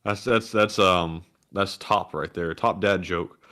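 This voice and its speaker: A man with a Southern US accent co-hosts a casual livestream, reading out viewer super chats with an easygoing, wry delivery. His voice is low and slow, with a sharp tone.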